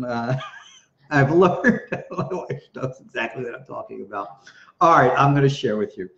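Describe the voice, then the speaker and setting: An American man, a rabbi, teaching an informal Torah class in a chatty, digressive way. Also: medium pitch. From United States. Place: home studio in Tennessee. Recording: roomy, dull-sounding room recording.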